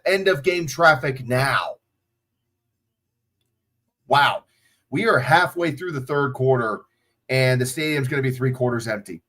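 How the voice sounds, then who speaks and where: A man's voice: mid-range voice, a little slow, long pauses, fairly bright tone. A man hosting a livestream, chatting casually and swearing freely, recorded on a phone. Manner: profane, off-the-cuff, chatty. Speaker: livestream host.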